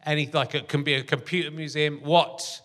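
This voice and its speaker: A man's voice: a little high, fairly even intonation, a little fast, fairly bright tone. A man hosting a live comedy podcast on a theatre stage, rambling and self-deprecating, laughing often. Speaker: podcast host.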